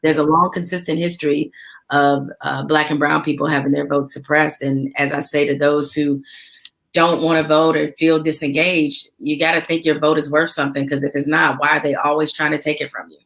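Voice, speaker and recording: A woman speaking as a guest on an interview show. Her voice has a gravelly fry and a flat, even pitch. She makes her points in a measured, emphatic way. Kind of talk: interview talk.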